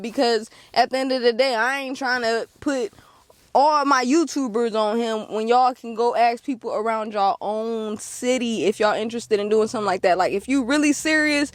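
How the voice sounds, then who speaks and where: Animated high-voiced young woman telling a story. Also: no room sound. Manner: animated, laughs often, acts out quotes. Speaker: car dealer and vlogger. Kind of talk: casual storytelling to camera.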